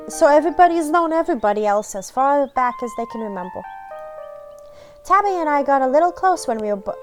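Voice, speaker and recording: A chatty, bold young woman from a small town, bubbly and a little dramatic as she teases, played by a woman reading the game aloud. Her voice sits fairly high and light. Soft music runs faintly behind her.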